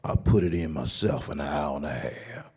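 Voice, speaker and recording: A man doing a low, mumbling thrifty dad. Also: animated, moderate pace, warm tone, slightly rough, full character voice. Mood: bragging. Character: thrifty bragging older military dad.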